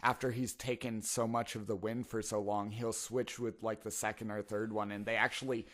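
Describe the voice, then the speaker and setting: A man's voice: lowish voice, normal speed. A young man telling stories in a casual podcast chat, swearing and laughing often. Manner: animated storytelling, swears and laughs a lot. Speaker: podcast co-host.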